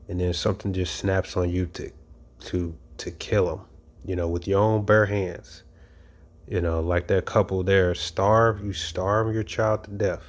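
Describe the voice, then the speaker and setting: A man with a very low voice preaches in a loose, conversational way. He leans on his points with emphasis and says many of them twice. He often checks in with "you know" as he goes. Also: a little mellow. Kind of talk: informal sermon.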